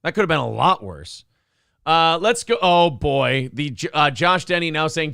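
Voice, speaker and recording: High, lively-voiced joking male host. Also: moderate pace, gravelly, smooth, dry recording, studio quality. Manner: joking, profane, offhand. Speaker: morning show host. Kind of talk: casual comedic chat.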